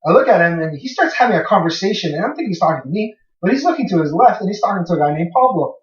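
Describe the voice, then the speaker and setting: Young male co-host, slightly high voice, loose swearing storyteller; dull lo-fi sound, distant from the mic. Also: lively intonation, racing. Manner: rambling, swears freely, acts out his own past lines. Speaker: podcast co-host. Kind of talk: casual storytelling. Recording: echoey room, far from mic, dull lo-fi.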